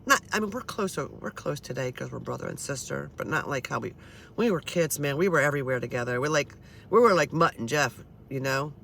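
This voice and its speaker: Woman, casual storytelling, blunt and profane, chatty, bright forceful voice. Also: a bass voice, lively intonation, brisk, creaky, slight background noise. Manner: blunt, swears freely, chatty.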